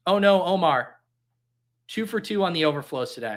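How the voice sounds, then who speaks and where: A man's voice: high-pitched, expressive, moderate pace, a bit bright. A man hosting a casual livestream, joking and reading chat aloud in a mock-earnest way. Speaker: fantasy football streamer. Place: home basement.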